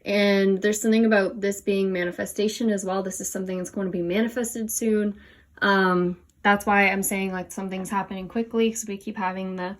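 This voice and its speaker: Kneeling over cards spread on her floor at home, a young woman does an easygoing tarot reading, a little short of breath as she bends toward them. She talks briskly in a mid-range voice with fairly even intonation. Chatty and self-amused, she leans heavily on "um" and "like" fillers.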